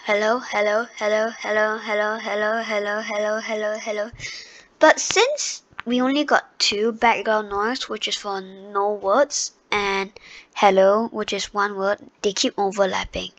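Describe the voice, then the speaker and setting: A woman's voice: mid-range voice, steady tone, moderate pace, no echo. A woman giving a casual screen-recorded tutorial into her computer microphone, chatty and unpolished, with many fillers and restarts. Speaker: tutorial host.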